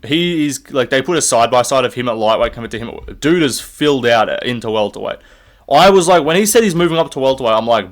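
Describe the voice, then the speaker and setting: Young man, casual solo rant, profane, rambling, opinionated, middle pitch. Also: lively intonation, moderate pace, a bit bright. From Australia. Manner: standing while recording. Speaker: MMA fight predictor.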